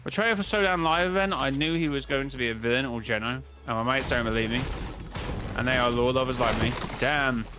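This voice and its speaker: Brief: male streamer, bright and forceful tone, rambling casual chat with faint music under it. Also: mid-range voice, brisk. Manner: rambling, talks to chat, frequent restarts and self-corrections. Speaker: streamer discussing game-lore theories.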